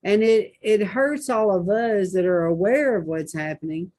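A woman's voice: medium pitch, measured pace, dark tone. A woman hosting a Christian talk show, reading posts aloud and commenting with indignant rhetorical questions.

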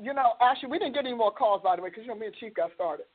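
A woman hosting a religious talk show, speaking with an animated, preacher-like cadence. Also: a little high, very fast, slightly rough. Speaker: host. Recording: phone-like band-limited audio.

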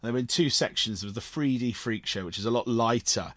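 A man's voice: medium pitch, quick pace, a bit bright, no echo. A man from Cornwall, a guest on an interview show who tells long, rambling stories and laughs often. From Cornwall, England. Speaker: guest actor. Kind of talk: casual interview storytelling.

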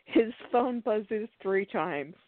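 A woman host tells a funny story in a relaxed, chatty way and keeps breaking into laughter. Her voice sits at an ordinary pitch and comes through a thin, phone-like line. The sound is dry, with no room echo. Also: slow pace. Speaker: podcast host. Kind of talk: casual storytelling.

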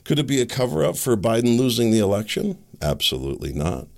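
A man hosting an opinion podcast, talking in an agitated, sarcastic rant full of rhetorical questions and halting restarts. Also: mid-range voice, very animated, creaky, darkish tone. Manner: agitated, ranting with sarcastic laughs. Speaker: podcast host.

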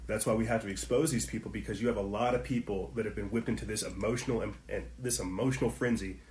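A man's voice: on the low side, steady tone, fast, darkish tone, reverberant. A man hosting a passionate commentary stream, firing off rhetorical questions and talking to his viewers in slangy asides. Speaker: online commentary host. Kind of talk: impassioned livestream commentary.

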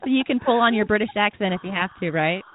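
A woman's voice: medium pitch, fast, a little hiss or hum. A woman co-hosting an interview podcast in casual chat, rambling off on tangents. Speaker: podcast co-host. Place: Costa Rica. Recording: dry tinny phone-like line.

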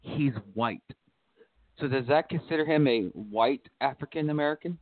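A man co-hosting a casual wrestling chat, telling a story in a halting way and acting out the voices of the people in it. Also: medium pitch, no room sound. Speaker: podcast co-host. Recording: dry, phone-like audio.

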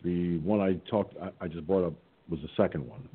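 A man's voice: low-pitched, brisk, breathy edge. Sarcastic talk radio host man, phone-thin. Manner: sarcastic, combative, reads his own posts aloud. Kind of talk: political talk radio commentary. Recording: tinny phone-line sound.

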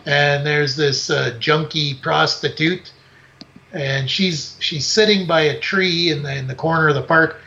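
A man's voice: on the high side, unhurried, gravelly. A man co-hosting a podcast, telling a story in casual chat and acting out scenes. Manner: animated storytelling, acts out scenes. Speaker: podcast co-host. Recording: dull lo-fi podcast audio.

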